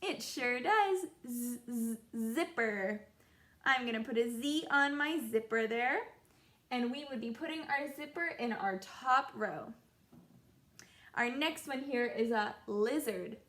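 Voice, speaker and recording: A young woman teaching a children's phonics lesson, sounding out letters in a slow, encouraging sing-song way. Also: on the high side, animated, a bit bright. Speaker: kindergarten teacher.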